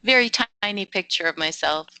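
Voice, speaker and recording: A woman co-hosting a radio talk show over a video call, loud and animated, often apologizing. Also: mid-range voice, brisk, clean tone, no room sound. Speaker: co-host. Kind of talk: casual chat.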